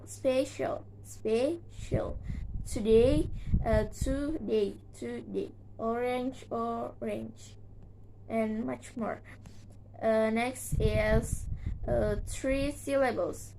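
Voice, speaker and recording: Slow, halting young woman presenting. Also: fairly high pitch, a little mellow, slight background noise, poor audio. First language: Indonesian. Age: young adult. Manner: slow, halting, with many fillers and repeated words. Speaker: student presenter. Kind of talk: class presentation on pronunciation.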